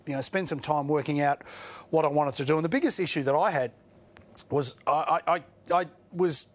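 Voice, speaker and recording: A middle-aged Australian man, a studio guest on a chat show, talking earnestly with halting restarts and laughing through his stories. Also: on the high side. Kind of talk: casual panel chat, storytelling.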